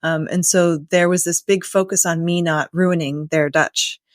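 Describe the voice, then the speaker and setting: A woman's voice: lowish voice, steady tone, a little slow, no echo, studio quality. An American woman hosting a podcast, chatting casually and asking long, thoughtful questions. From United States. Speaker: podcast host. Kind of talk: casual interview chat.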